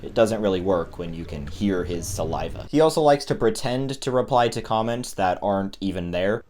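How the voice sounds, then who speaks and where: A man's voice: deep voice, lively intonation, normal speed, a little mellow, slight background noise. A man narrating a commentary video in a sarcastic, mocking way. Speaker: commentary YouTuber.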